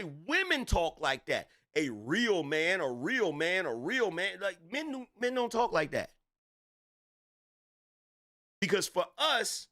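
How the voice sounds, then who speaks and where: A man's voice: high voice, sharp tone. A middle-aged man giving an opinion commentary monologue, emphatic and repetitive, lecturing with rhetorical questions.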